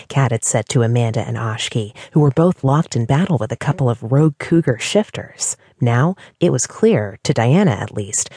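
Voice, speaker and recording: Woman, audiobook narrator, breathy voice, expressive, dry close recording. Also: a bass voice, no echo. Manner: expressive storytelling.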